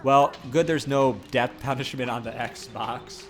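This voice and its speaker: A male streamer giving live gameplay commentary, chatty and excitable, breaking into loud outbursts when things go wrong and thanking viewers warmly by name. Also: medium pitch, a little slow, music in the background.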